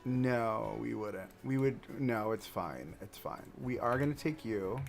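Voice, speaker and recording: Soft music plays behind a man streaming a theme park building game, his medium-pitched voice measured and touched with vocal fry. His casual commentary rambles, addressed both to himself and to the pieces he sets down.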